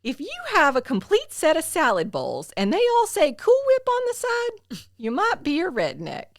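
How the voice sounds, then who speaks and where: A woman's voice: high-pitched, huge pitch swings, normal speed, no room sound, pitched above the performer's own voice, heavily acted. Lady doing a southern guy comic, drawly folksy one-liners, voice bounces all over, dry close sound. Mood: folksy mock. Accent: Southern US, put on. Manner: drawling joke delivery, laughing between punchlines. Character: Southern male stand-up comic, folksy joke-teller.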